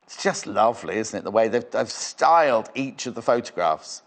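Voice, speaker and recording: A man's voice: on the low side, animated, normal speed. A man presenting live on a shopping channel in a studio, with chatty, rambling sales patter.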